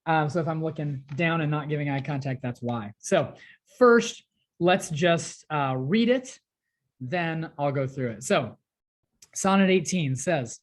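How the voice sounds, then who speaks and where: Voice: mid-range voice, expressive, unhurried. A teacher recording an online class lesson, explaining a poem step by step with frequent "um" and "right?" checks. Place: home or classroom at a desk, working on a tablet.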